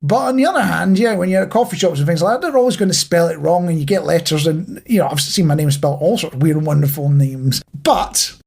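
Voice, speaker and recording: A man's voice: on the high side, lively intonation, fast, vocal fry, few pauses, a little mellow, husky. A man co-hosting a casual chat podcast, talking playfully to his co-host and often addressing the listener directly. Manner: playful, self-mocking.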